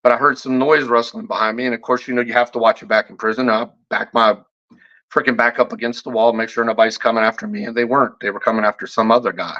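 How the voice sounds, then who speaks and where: A brash, bright-toned man ranting straight to camera and swearing constantly, his words tripping over each other as he gets heated. The audio is dull and lo-fi. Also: medium pitch, steady tone, fast. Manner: profane, combative, heavy swearing; repeats and restarts words when heated. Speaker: fragrance reviewer. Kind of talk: off-the-cuff vlog rant.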